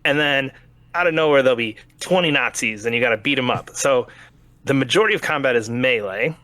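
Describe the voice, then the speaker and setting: A man with a bright, forceful voice talks through a video game in a relaxed podcast chat. He keeps jumping into little acted-out lines. The sound is dry and close on the mic. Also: mid-range voice, no room sound. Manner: animated, acts out lines in quick voices. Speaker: podcast co-host reviewing a game. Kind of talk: casual chat.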